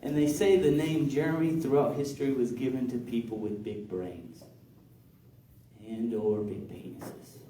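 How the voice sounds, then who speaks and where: A man's voice: mid-range voice, unhurried, mellow, slight background noise. A man doing stand-up with dry, self-deprecating banter aimed at the crowd. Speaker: stand-up comedian. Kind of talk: stand-up set. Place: comedy club room. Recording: roomy club sound from far off.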